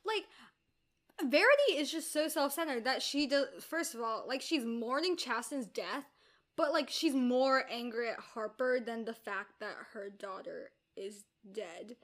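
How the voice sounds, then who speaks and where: Opinionated young woman, high voice. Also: expressive, unhurried, a bit bright. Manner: opinionated, filler-heavy. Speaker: book discussion co-host. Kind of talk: casual chat.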